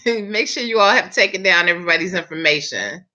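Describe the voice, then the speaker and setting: This hairstylist's lowish voice is expressive, brisk, pushed, and bright as she hosts a casual live chat. She laughs and chats directly with her viewers, heard through dull, lo-fi stream audio.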